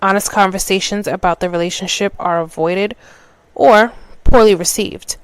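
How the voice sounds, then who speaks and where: She's a podcast host from New York with a medium-pitched, smooth voice, fairly even intonation and normal speed, recorded without echo. Telling a personal story, she keeps it casual, restarts sentences partway through and dramatizes the dialogue.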